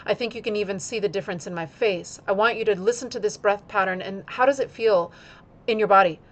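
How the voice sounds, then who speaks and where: Yoga teacher woman, slow deliberate phrasing. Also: mid-range voice, a little hiss or hum. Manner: demonstrates slow, deliberate breath-paced phrasing. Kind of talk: instructional video talk.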